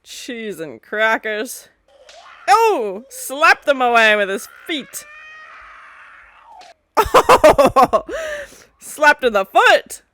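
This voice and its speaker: Bright, excitable young woman host of a film reaction, high and animated. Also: very slow, long pauses, no echo. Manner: excitable, laughs often, acts out characters. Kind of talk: casual movie reaction commentary.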